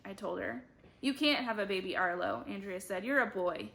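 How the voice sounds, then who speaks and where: A woman reading a children's chapter book aloud, lively, with big jumps in her voice as she voices the children and teachers. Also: mid-range voice, normal speed, vocal fry. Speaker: book club reader.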